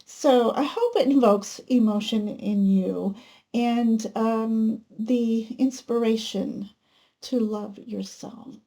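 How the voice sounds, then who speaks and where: A woman giving a pick-a-card tarot reading, talking gently and spiritually with many pauses and fillers. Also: fairly high pitch. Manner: gentle, unhurried, spiritual musing with many ums. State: emotional, close to tears at times. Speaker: tarot reader.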